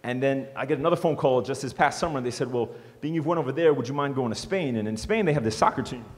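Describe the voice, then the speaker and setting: Fast-talking man telling stories in a hall. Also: mid-range voice. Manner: animated, joking storyteller. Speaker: motivational speaker. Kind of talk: storytelling speech to an audience. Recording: long hall reverb.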